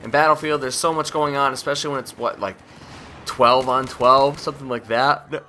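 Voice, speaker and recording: A man's voice: medium pitch, steady tone, normal speed, bright, forceful tone, a little hiss or hum. A man giving casual, rambling commentary over his own gameplay, joking and mocking himself as he goes. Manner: rambling, jokey, self-mocking; drowsy, yawning at times. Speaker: gaming video commentator.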